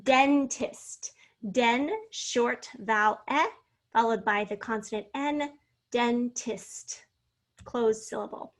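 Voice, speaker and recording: In a spelling lesson, a woman with a slightly high voice sounds out each word slowly, syllable by syllable, with clear enunciation. She then reads an example sentence.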